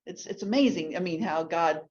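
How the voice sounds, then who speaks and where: A woman teaches a ladies' Bible class, talking chattily and restarting her sentences. Her voice sits a little low. The recording sounds dull and lo-fi. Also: fairly quick, darkish tone. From Texas. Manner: chatty, with many restarts and asides.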